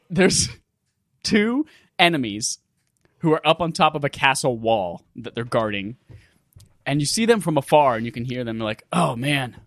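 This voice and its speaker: A man hosting a casual gaming podcast, recounting a game in an animated, profane, laugh-filled way. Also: medium pitch, dry recording, studio quality. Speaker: podcast host.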